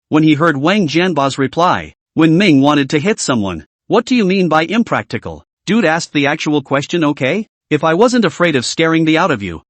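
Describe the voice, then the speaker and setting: A man's voice: a little high, very animated, moderate pace, few pauses, dry recording. A man narrating a comic story recap in a scripted reading.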